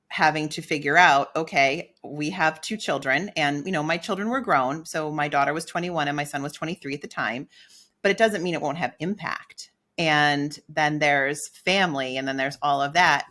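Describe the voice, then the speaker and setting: A middle-aged woman co-hosting a podcast, telling a personal story in a candid, animated way and acting out her own inner dialogue. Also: low voice. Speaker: podcast co-host.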